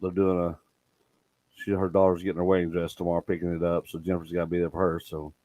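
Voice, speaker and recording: A middle-aged man, hosting a casual chat and telling stories in an animated way, swearing freely. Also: deep voice, quick pace, no echo, poor audio. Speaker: podcast host.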